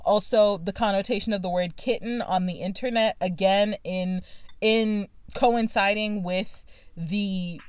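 A woman's voice: mid-range voice, steady tone, a little slow, smooth. A young woman co-hosting a podcast, chatting and gossiping casually with many fillers and restarts. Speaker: podcast co-host. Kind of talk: casual chat.

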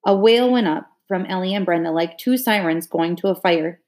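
A woman reading a children's novel aloud, with steady, expressive narration. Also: lowish voice, moderate pace, few pauses. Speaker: reader.

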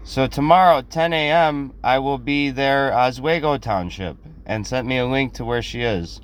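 A man's voice: medium pitch, normal speed, hardly any pauses. A young man telling a rambling, self-deprecating comic story in a casual way, acting out quotes in other voices.

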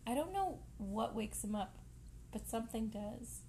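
A woman co-hosting a casual home podcast, chatty and quick to laugh, trailing off into fillers. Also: a little high, lively intonation, mellow, a little hiss or hum. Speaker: podcast co-host. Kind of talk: casual chat.

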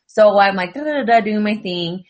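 A woman's voice: medium pitch, lively intonation. Young woman on a podcast, just chatting, telling stories w/ lots of asides. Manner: chatty storytelling, quick asides. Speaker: podcast co-host. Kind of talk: casual chat.

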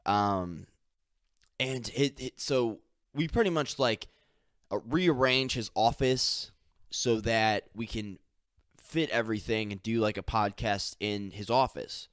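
A man's voice: lowish voice, slow, a bit bright, smooth, no room sound, clean studio sound. A young man hosting a solo podcast, rambling casually with lots of fillers and the odd curse. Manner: casual, filler-heavy, swearing, mimics others. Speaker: podcast host.

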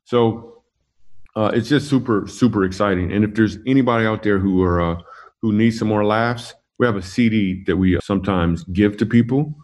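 A man with a fairly low voice recounts his own stories in a relaxed interview. He is animated and jokey, and he laughs along with his own punchlines as he goes. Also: normal speed. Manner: animated storyteller, laughs through his jokes. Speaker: comedian guest. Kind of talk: casual interview storytelling.

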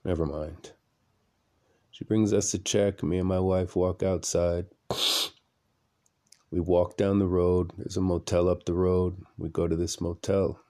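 A man's voice: low-pitched, level tone, unhurried, pauses often, warm tone. A man podcasting from a room at home at night, telling a long story in a rambling, blunt way and repeating phrases for effect. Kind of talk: casual storytelling monologue.

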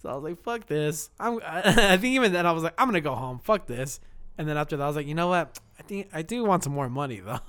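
High-voiced young guy, smooth and loose. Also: lively intonation, quick pace, fairly bright tone. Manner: profane, laughing storyteller acting out voices. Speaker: delivery driver telling a story. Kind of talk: casual chat.

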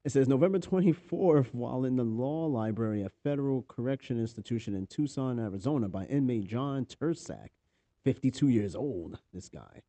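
A man's voice: medium pitch, lively intonation, moderate pace, dark tone, dry recording. A married man with a New York accent hosting a podcast, reading news articles aloud and breaking in with offhand, profane asides. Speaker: podcast host. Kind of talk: casual news commentary.

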